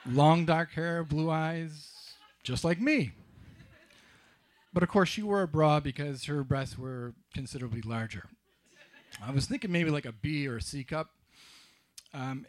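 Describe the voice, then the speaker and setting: A middle-aged man telling a wry, self-mocking personal story on stage, with halting restarts. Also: a little high. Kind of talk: live storytelling.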